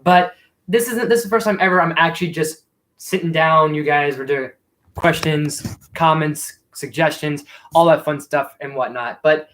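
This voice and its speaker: A man's voice: a little high, normal speed, a bit bright. A man hosting a casual live Q&A stream, rambling and self-deprecating with frequent restarts. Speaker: YouTube host.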